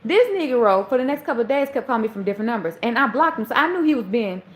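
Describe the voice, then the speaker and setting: A woman in her thirties with a Southern Charleston accent talks to her live stream viewers, telling a story in a casual, chatty way. Her voice sits a little high and moves a lot, jumping up sharply whenever she acts out what someone said. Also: quick pace. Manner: animated, acts out quoted dialogue in a high voice.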